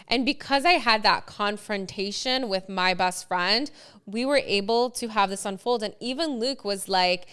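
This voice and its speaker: A young woman co-hosts a podcast in a casual chat, telling her story in an animated way and acting out what people said. Her voice is bright and very clear, and "like" comes up often. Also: mid-range voice, normal speed. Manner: animated storytelling, acts out quotes, frequent "like". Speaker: podcast co-host.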